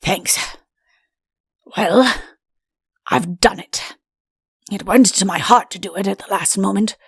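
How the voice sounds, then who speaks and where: A woman's voice: medium pitch, takes it slowly, slightly rough, dry recording, clean studio sound, full character voice. A woman doing a smug, whispery king. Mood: conspiratorial. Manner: hushed, conspiratorial, pleased with himself. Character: smug, mischievous male king. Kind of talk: audiobook character voice.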